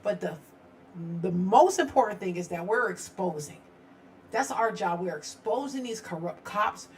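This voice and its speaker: A woman's voice: medium pitch, lively intonation, normal speed, slight background noise. A middle-aged woman hosting a casual true-crime live stream from her home studio, chatty and rambling, laughing often.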